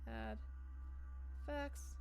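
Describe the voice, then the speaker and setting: A woman streams a game live, chatting casually, swearing freely and reading her viewers' messages aloud as she reacts to them. She speaks extremely slowly in a darkish voice over soft background music.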